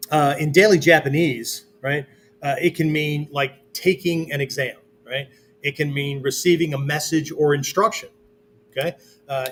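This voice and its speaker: Slight background noise accompanies this male martial arts instructor, whose voice is a little high. At the whiteboard he teaches in a relaxed, conversational style with fillers, constantly checking in via "okay?" and "right?"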